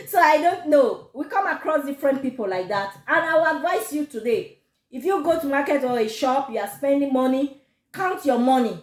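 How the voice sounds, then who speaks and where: A woman with a Nigerian accent telling a personal story to camera, animated and quick to laugh. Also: high voice. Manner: animated, laughs often, gives advice. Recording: echoey room.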